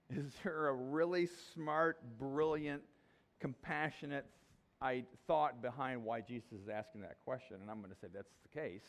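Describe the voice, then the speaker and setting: A man's voice: mid-range voice, expressive, moderate pace. A male pastor preaching a sermon in a conversational, jokey, emphatic way.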